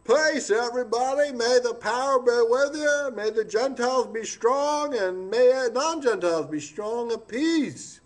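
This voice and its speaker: A man's voice: very high-pitched, lively intonation, measured pace, hardly any pauses. A man playing a scatterbrained, boastful old newspaperman in a comic monologue, rambling off topic and stumbling over his words. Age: older. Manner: rambling, digressive, loses his place and stammers. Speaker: comedian doing a tribute impression.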